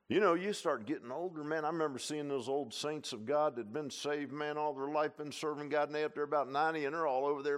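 An older man preaching a sermon in a folksy, animated way, dropping from quiet asides to loud exclamations and tossing in "huh?" and "man.". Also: on the high side, fast. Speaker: pastor.

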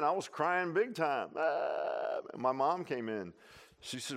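An older pastor preaching with folksy swings. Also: male voice, a little high, animated, slow, a bit bright. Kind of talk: sermon.

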